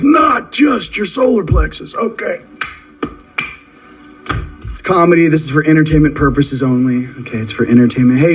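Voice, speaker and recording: Joking, rambling man with a fairly high voice. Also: vocal fry, fairly bright tone, breathy edge, poor audio. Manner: rambling and joking, talks to viewers directly. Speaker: channel host doing card readings. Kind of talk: casual spiritual card-reading chat. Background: faint background music.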